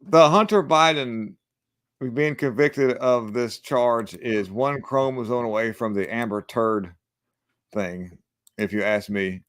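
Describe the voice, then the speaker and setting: A man hosts a loose political chat, talking in a folksy, joking way and laughing often. His voice sits at an ordinary middle pitch. The sound is dry and close, with no room echo. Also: takes it slowly, fairly bright tone. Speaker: show host.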